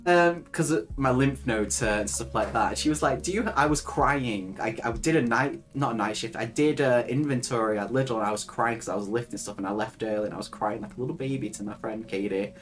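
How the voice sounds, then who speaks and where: A woman's voice: rumbling low, a little fast, few pauses, faint music behind. A young woman hosting a casual live stream, chatting with viewers, reading their comments aloud and laughing often. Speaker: livestream host.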